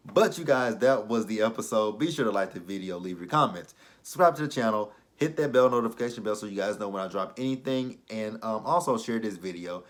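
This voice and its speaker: Sex: man. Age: 30s. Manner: rambling storyteller. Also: lowish voice. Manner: rambling, animated storytelling, tangents. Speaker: YouTube TV reviewer. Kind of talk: casual chat.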